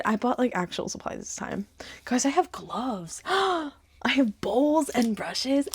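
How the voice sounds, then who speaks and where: A woman's voice: a little high, sing-song, slow pace, breathy edge, no echo. A young American woman with a put-on Southern lilt, chatting playfully and sarcastically to camera at home in a vlog. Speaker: vlogger. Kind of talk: casual on-camera vlog chat. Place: at home, dyeing her hair. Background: music playing underneath.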